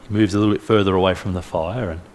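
A man preaching a sermon, retelling a story in a lively way with humorous asides. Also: low-pitched, very fast, heavy background noise.

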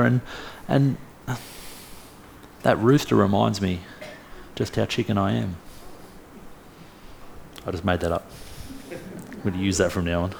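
Casting: lively male preacher, low voice with vocal fry, faint background hum. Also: unhurried, pauses often. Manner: lively storytelling with humorous asides. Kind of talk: sermon.

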